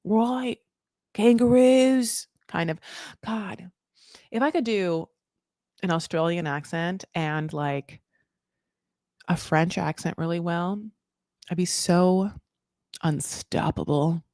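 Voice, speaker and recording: A woman hosts a reality TV recap channel, giving casual live commentary full of sarcasm, rambling, free swearing, and constant "like." Her voice sits on the low side with a darkish tone, and she talks slowly with frequent pauses. The studio-quality audio has no echo.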